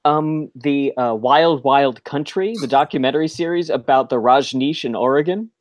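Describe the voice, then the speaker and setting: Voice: mid-range voice, moderate pace, no echo. A podcast co-host chattily retelling an episode in casual chat, rambling with filler words.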